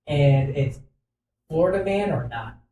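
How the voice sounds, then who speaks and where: A man's voice: fairly high pitch, expressive, dark tone. Giggly man heard from across an echoey room. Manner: jokey, giggly, quick to laugh. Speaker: podcast co-host. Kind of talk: casual banter. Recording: echoey room, mic far away, noisy.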